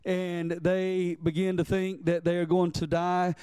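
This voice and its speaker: High, mellow-voiced preaching man. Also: level tone, a little slow, clear, resonant tone, no room sound. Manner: preaching, asks the congregation to answer back; reads scripture aloud in old-fashioned wording. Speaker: pastor. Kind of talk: sermon.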